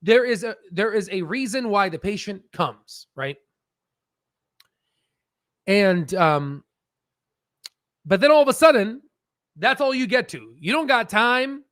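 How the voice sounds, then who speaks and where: High-voiced rambling man, dry close sound. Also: lively intonation, takes it slowly, pauses often, fairly bright tone, no room sound. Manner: rambling, profane, laughs at own jokes. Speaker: stock research channel host. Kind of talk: casual off-the-cuff explainer. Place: at a standing desk.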